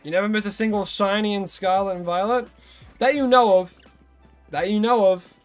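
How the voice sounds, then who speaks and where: Chatty Australian man, fairly high voice. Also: fairly even intonation, moderate pace, clear, resonant tone, no echo, faint music behind. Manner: chatty, greets viewers, rambles and corrects himself. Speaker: live streamer. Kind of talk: casual live-stream chat while playing.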